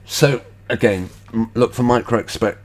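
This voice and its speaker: A man's voice: mid-range voice, measured pace. A man hosting an online show, making skeptical, rambling remarks over video clips. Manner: skeptical, rambling asides with fillers. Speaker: host.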